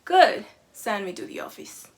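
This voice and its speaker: A woman's voice: mid-range voice, big pitch swings, normal speed, close to an everyday voice. A woman voicing a defiant schoolgirl who refuses to do her work. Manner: loud, defiant.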